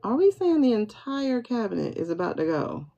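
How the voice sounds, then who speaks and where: On a livestream, a woman hosting a pendulum reading as a tarot reader gets excitable, repeating "hold on" as she questions her spirit guide and addresses viewers. Her voice is fairly high and gravelly at a normal speed, picked up by a phone or computer mic in dull, lo-fi audio.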